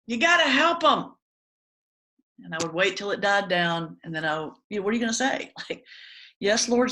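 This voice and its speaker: A woman, a preacher who also does stand-up comedy, teaches in a relaxed, conversational way. Her voice sits a little low, and she tells stories with lively comic timing, often acting out the punchlines. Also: poor audio. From Southern United States. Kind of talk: webinar teaching talk.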